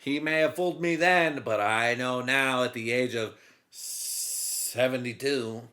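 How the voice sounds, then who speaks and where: A man's voice: mid-range voice, measured pace, sharp tone. A man voicing a stern, prim old woman in her seventies who interrogates a suspect.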